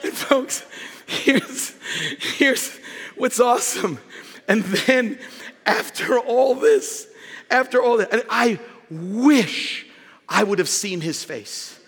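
A male preacher with a bright, ringing tone delivers a sermon in an unhurried, deliberate pace. He acts out the story, throwing in asides and raising his voice for emphasis. His words carry a long reverb, as if he is preaching in a large hall. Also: very high-pitched. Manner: animated storytelling preacher, acting out scripture with shouts and asides. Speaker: pastor.

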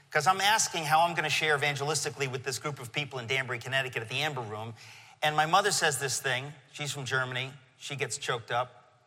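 A middle-aged man preaching a sermon to a congregation, telling a story with animated emotion. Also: mid-range voice. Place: church venue. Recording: long hall reverb.

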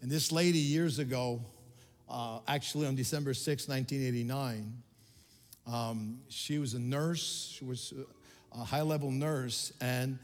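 A man's voice: medium pitch, steady tone, unhurried. An older male pastor from Quebec preaching with rising passion and frequent restarts. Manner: impassioned, rising to near shouts, many restarts. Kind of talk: sermon. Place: church sanctuary. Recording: reverberant hall with music behind.

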